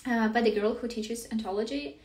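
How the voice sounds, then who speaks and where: A woman's voice: on the high side, brisk, darkish tone. A young woman, a native Russian speaker, chatting casually on a live stream, hesitant, with many fillers and frequent laughs. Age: young adult. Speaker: master's student. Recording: roomy room, mic at a distance.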